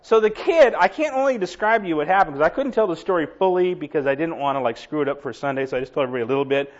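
Give me a male pastor with a high, very lively voice, spinning a comic tale from the pulpit. He laughs through it and acts out every character. The recording is dull and lo-fi. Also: rapid-fire. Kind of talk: storytelling sermon.

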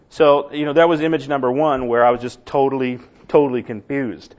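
A middle-aged man tells a funny personal testimony before a church congregation. He is a lively, self-deprecating storyteller with plenty of energy. His voice sits at an ordinary pitch and comes through a slightly muffled recording. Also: brisk, hardly any pauses. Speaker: church member giving testimony.

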